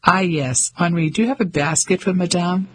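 A boisterous, flirtatious French fisherman who teases and boasts, voiced by a male narrator pitched high and loud. Lively storybook dialogue. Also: moderate pace, slightly rough. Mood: teasing. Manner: teasing, boisterous.

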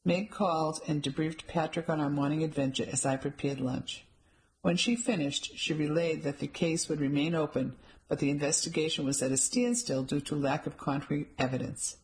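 A woman's voice: deep voice, fairly quick, hardly any pauses, a little mellow, poor audio. Woman narrating an audiobook. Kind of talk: first-person audiobook narration.

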